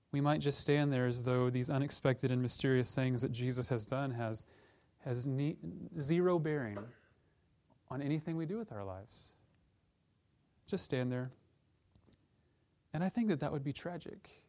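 A man's voice: medium pitch, normal speed, long pauses, a little mellow. A man preaching a conversational Advent-season sermon as pastor, acting out quoted lines from the scripture story. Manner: conversational, plays out quoted voices of disciples and angels.

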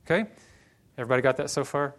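A man preaching a sermon in a relaxed, conversational voice of middle pitch. He is from Oklahoma and teaches patiently, dropping light joking asides as he explains. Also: very fast.

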